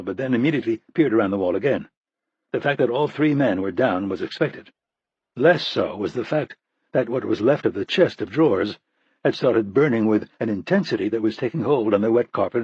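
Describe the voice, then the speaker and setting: A man narrates a thriller in a husky, breathy voice with a steady, even delivery. The recording is dry and close, with a dull, muffled tone. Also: lowish voice, fairly quick, no room sound. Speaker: audiobook narrator.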